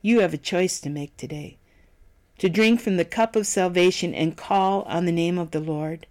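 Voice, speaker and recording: A speaker giving a scripted devotional reading in a measured, solemn way, citing scripture references as they go. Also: medium pitch, a little mellow.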